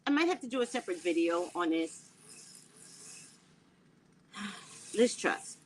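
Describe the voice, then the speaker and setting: This woman's voice is on the low side, and she takes things slowly while hosting a psychic livestream from home. Animated and joking, she chats with viewers and reacts to messages. Lacking an external mic, the recording is rough, with slight background noise.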